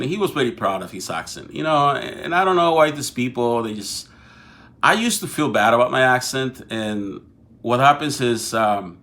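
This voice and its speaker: A man's voice: mid-range voice, bright, forceful tone. Mexican-accented man hosting a livestream. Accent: Mexican Spanish. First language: Spanish. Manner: talkative, repeats and restarts words, addresses viewers directly. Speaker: political show host. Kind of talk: casual live-stream talk.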